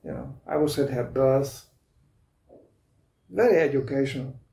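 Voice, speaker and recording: Man lecturing with a mellow, roomy echo. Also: mid-range voice, gravelly, distant mic. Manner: storytelling, laughs often, halting restarts. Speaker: spiritual lecturer. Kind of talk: anecdotal spiritual lecture. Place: club lecture room.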